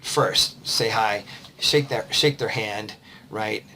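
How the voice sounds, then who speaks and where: A man's voice: on the low side, slow, pushed and bright, a little hiss or hum. A man, a confidence coach, giving casual, rambling advice to the camera while a bit tired. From United States. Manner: conversational, loose, with fillers and restarts.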